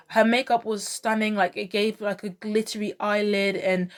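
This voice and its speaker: A woman's voice: mid-range voice, little pitch movement, moderate pace, hardly any pauses. A woman talking casually to camera as a pop culture vlogger, chatty and opinionated, full of fillers and gushing exclamations. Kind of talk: casual fashion commentary.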